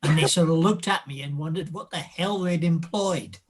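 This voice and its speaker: Lively older man with a polished British accent. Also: on the high side, moderate pace. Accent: British Received Pronunciation. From Scotland. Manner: lively anecdotal storyteller, laughs often. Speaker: actor. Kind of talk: casual chat. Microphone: video call.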